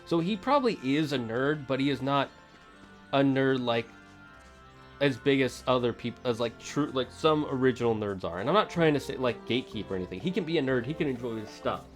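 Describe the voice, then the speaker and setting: A man's voice: mid-range voice, lively intonation, a little fast, faint music behind. A man streaming a video game, chatting casually with his viewers in a rambling, self-correcting and opinionated way. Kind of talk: casual let's-play chatter.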